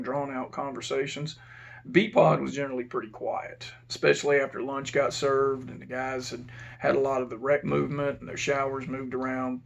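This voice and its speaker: Gravelly man telling a prison story. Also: mid-range voice, lo-fi sound. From Texas. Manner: rambling, self-correcting, plain-spoken. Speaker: former prison officer. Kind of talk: casual storytelling.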